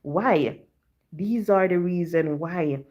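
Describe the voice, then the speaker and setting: A woman's voice: lowish voice, slow pace, dull audio. A Jamaican woman telling a story to her live-stream viewers in chatty patois, often dropping in "you know".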